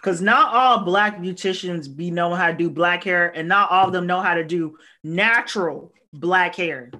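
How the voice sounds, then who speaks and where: Here is a young woman guest in a casual chat, her tone bright. She sounds laid-back and says things bluntly, with plenty of slang and casual swearing. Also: on the low side, normal speed.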